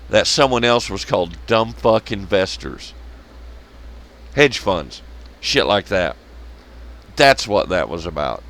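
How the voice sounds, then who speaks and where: A man's voice: on the low side, a bit bright. A man giving blunt, sarcastic, profane commentary on a rant vlog, laughing at his own jokes. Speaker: wrestling commentary vlogger.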